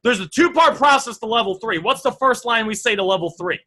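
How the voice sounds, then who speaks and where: A man coaching a training group through a live online session, energetic and reading out sample messages. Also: very high voice, fairly quick, slight background noise, poor audio.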